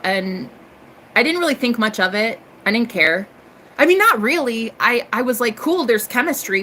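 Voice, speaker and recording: An American woman telling a story in a casual monologue, sassy and cheeky, calling listeners honey and girl, swooping up into high exclamations. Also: fairly bright tone, a little hiss or hum. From United States. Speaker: tarot reader and live streamer.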